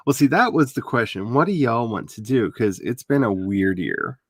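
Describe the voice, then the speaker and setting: A man with a Southern Ozarks accent hosts a relaxed livestream chat. His voice rises and falls a lot as he tells stories and jumps into goofy voices. The sound is dry and close to the mic. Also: moderate pace, slightly rough, no echo. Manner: animated storyteller who jumps into squeaky voices. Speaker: author hosting a livestream.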